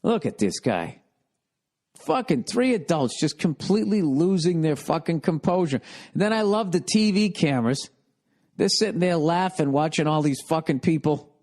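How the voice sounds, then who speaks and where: A man in his forties from the United States rants through a podcast monologue, swearing freely and dripping with sarcasm. His voice sits somewhat high for a man, and he bursts into mocking impressions of the people he complains about. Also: expressive, moderate pace, a little mellow. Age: 40s. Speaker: podcast host. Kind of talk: profane comic monologue.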